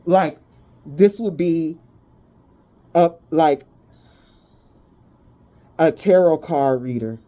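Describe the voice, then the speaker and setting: Woman, tarot reader, low mellow voice, blunt, profane, animated casual reading.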